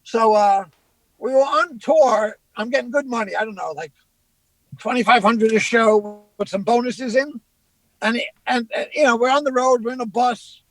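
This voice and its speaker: A middle-aged male comedian, telling animated anecdotes and acting out what people said. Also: extremely high pitch, dry recording, rough recording. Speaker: comedian guest. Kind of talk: casual storytelling.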